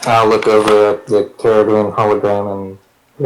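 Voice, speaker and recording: A man with a fairly low voice playing a tabletop game. He is practical, asks quick questions and plans out loud casually. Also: little pitch movement, low-quality recording. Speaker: player. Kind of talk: casual tabletop play online.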